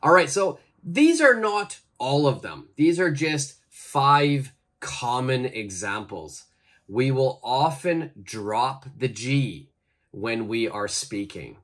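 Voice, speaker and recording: A man teaching English pronunciation, leading slow repeat-after-me drills with deliberate, exaggerated pronunciation and encouraging praise. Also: mid-range voice, expressive, a bit bright.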